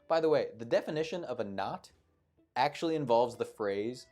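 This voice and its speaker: A man hosting a live trivia show. He reads each question and then riffs on it with playful, jokey asides, and his pitch swings widely as he talks. Faint background music plays under his voice. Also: animated, moderate pace, darkish tone. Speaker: quiz show host.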